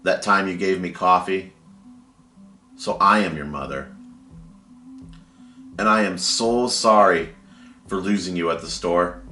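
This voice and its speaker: A man's voice: sits low, pushed and bright, reverberant. A man voicing a remorseful mother who pleads and apologizes to her grown son, in close to his own voice.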